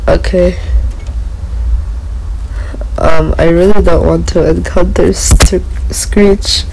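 A jittery gamer talks through a horror game in slow, drawn-out phrases. The voice has a gravelly, fry-filled edge, captured with the mic almost touching the mouth, and a faint hiss sits underneath. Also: medium pitch, fairly even intonation, darkish tone, poor audio. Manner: jittery, keeps exclaiming in dread. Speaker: gameplayer. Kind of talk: horror gameplay commentary. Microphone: pressed right up to the mouth.

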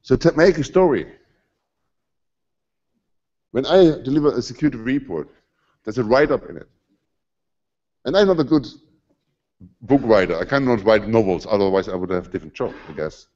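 A man in his forties with a German accent addresses a conference audience in a conversational, emphatic way. His pitch sits in the middle range. The recording is a bit dull and lo-fi. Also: animated, normal speed, pauses often, darkish tone. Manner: conversational, emphatic, slightly non-native phrasing. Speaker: conference speaker. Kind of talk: live conference talk. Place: conference hall.

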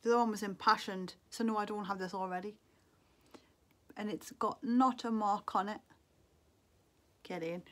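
A woman's voice: medium pitch, steady tone, normal speed, pauses often, a bit bright. A middle-aged woman from England, chatting to camera as a beauty vlogger, muttering to herself in a wistful, casual way. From Northeast England.

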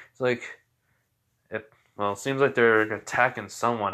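A man's voice: mid-range voice, steady tone, normal speed, pauses often, pushed and bright, smooth. A young man casually telling a fan story, rambling with many fillers and corrections.

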